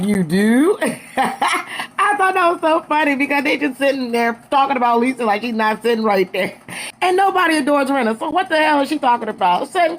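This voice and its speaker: Sassy woman recapping reality TV. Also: a little high. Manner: sassy, emphatic, calls listeners honey and girl. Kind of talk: casual video review.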